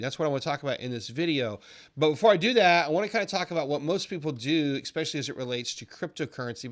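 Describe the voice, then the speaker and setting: Animated man explaining trading charts. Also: a little high. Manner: animated, mimics panicky traders in quoted asides. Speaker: trading educator. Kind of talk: casual screen-share market explainer.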